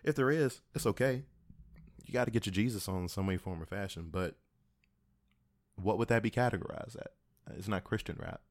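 Low-voiced laid-back man, casual chat. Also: fairly quick, pauses often, no room sound, studio quality. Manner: laid-back, profane, joking. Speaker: podcast co-host.

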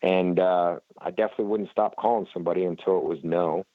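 A man's voice: low-pitched, fairly even intonation, fast talker, no echo, narrow, tinny audio. A man, a racer being interviewed, talking casually and rambling with lots of fillers and restarts. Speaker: flat track racer, guest.

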